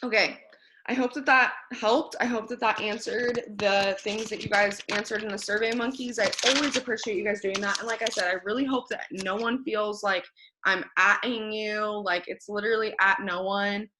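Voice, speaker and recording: Blunt, bright-voiced young woman coaching. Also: medium pitch, steady tone, moderate pace, a little hiss or hum. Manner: blunt, swearing pep talk. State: tired. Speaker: team leader. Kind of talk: motivational talk on a video call. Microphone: video call.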